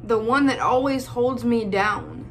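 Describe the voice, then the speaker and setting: A young woman talks slowly and tenderly to her viewers, close to tears, stopping often to steady herself. Her voice sits at an ordinary pitch and takes its time over each phrase. A faint hiss of room noise runs underneath. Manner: tearful, holding back crying, pausing often; addresses viewers as y'all. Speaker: vlogger. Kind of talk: emotional personal vlog.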